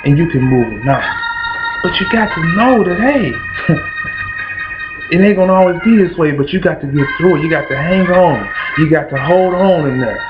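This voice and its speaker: A man's voice: a little high, lively intonation, normal speed. A man from Kentucky with a Kentucky accent, preaching motivationally in a rhythmic, repetitive cadence. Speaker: host. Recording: dull lo-fi with music behind. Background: background music.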